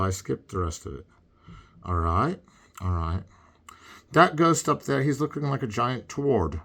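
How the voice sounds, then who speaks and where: A man playing a stoned, rambling male cartoon critic in improvised comedy commentary over gameplay. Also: medium pitch.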